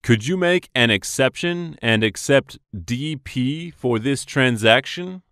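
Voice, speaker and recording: A man reading scripted business dialogues for English practice, slow and carefully enunciated. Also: medium pitch, expressive, a bit bright, clean tone, dry recording, clean studio sound.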